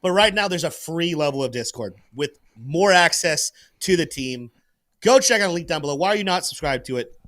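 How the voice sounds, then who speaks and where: A man's voice: on the high side, fairly quick. A man hosting a livestream crypto show, giving market commentary and urging viewers to like and join. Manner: animated, salesy, pushes viewers to like and join.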